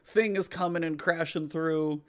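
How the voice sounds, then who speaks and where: A man's voice: a little high, fairly even intonation, unhurried. A middle-aged man co-hosting a casual gaming podcast, chatty and explaining at length. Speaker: podcast co-host.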